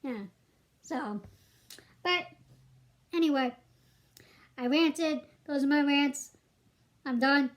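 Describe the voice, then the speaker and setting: A woman's voice: high-pitched, slow, long pauses. A young woman ranting bluntly on a commentary vlog, exasperated and swearing. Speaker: YouTube commentator.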